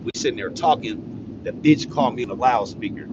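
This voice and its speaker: A man's voice: mid-range voice, fairly quick, highs cut off, heavy background noise. A man from California telling a prison story in a laid-back, slangy, profane way. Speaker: storyteller vlogger. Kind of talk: casual storytelling.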